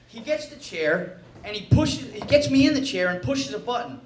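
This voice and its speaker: A man's voice: very high-pitched, very animated, normal speed. A man doing a stand-up comedy set on a nightclub stage, telling exasperated, profane stories. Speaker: stand-up comic. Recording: echoey club with loud crowd noise.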